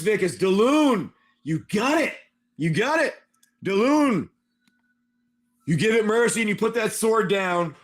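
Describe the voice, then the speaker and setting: A man running a tabletop game on a livestream, narrating dice rolls and combat in an animated, excitable way. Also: high voice. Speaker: game master.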